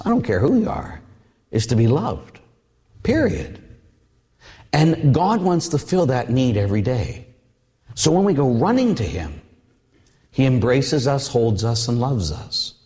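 A man preaching a sermon as a priest, telling stories with animated voices. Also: mid-range voice, long reverb tail. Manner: animated storytelling, acts out voices and hugs.

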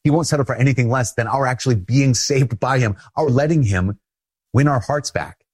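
A Catholic priest with a Minnesotan accent delivers an earnest, conversational sermon, often repeating phrases and laughing softly. His voice is medium-pitched with a breathy edge, and he speaks fairly quickly.

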